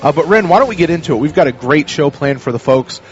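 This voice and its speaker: A man's voice: fairly high pitch, lively intonation, fast talker, muffled recording, soft background music. A man hosting a casual sports podcast, chatty and full of restarts. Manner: chatty, many restarts and fillers. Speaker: podcast host.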